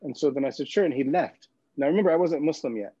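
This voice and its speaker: A man's voice: on the high side, fast talker, dark tone, slightly rough, no room sound. A man from California, a guest telling a personal story with humor, laughing often and repeating words as he goes. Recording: dull, dry lo-fi sound.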